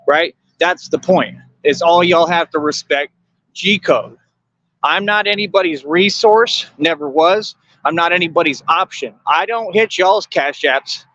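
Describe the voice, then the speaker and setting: A man's voice: on the high side, bright, forceful tone, dry recording, highs cut off. A man hosting a livestream, lecturing his viewers in a confrontational, repetitive rant. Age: adult. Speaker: livestream host.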